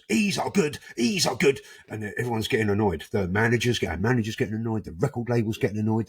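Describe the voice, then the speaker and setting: A man's voice: fairly low pitch, slightly rough. A man, a podcast guest telling cheeky anecdotes in a casual interview and acting out the people in them. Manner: cheeky, animated anecdotes with acted-out quotes. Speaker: podcast guest, musician and club founder.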